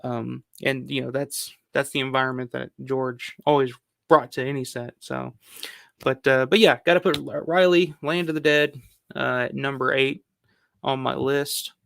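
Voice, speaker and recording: Brief: male host of a film countdown, rambling and loose, gravelly tone, mid pitch. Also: steady tone, normal speed, a bit bright, dry recording. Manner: rambling, filler-heavy, swears casually. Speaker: film review channel host. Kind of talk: casual countdown commentary.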